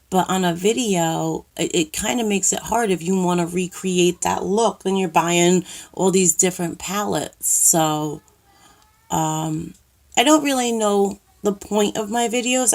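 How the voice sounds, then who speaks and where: A woman with a New York accent and a lowish, creaky voice films a casual makeup tutorial in her cluttered bedroom. She rambles, restarts often, and fills gaps with ums. Self-conscious, she admits to being nervous on camera.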